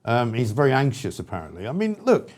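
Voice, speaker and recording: A man's voice: medium pitch, a little fast. An English man co-hosting a casual opinion talk show, telling anecdotes with frequent laughs and asides. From England. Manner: animated storytelling, laughs often, trails into asides.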